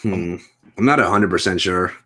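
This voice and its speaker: A man's voice: sits low, normal speed, sharp tone. A man co-hosting a casual wrestling podcast, laid-back and agreeable, laughing often. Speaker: podcast co-host.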